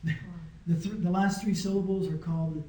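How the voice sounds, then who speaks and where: A man's voice: high-pitched, steady tone, normal speed, mellow. A man teaching a small Greek class in a casual, patient way, often checking that his students follow. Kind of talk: informal classroom lesson. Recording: echoey room.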